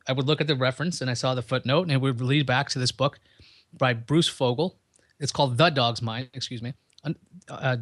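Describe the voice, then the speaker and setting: A man's voice: medium pitch, a bit bright, dry recording. Chatty male podcast host, dry sound. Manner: conversational, chatty, explains with examples. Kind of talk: casual explanatory monologue.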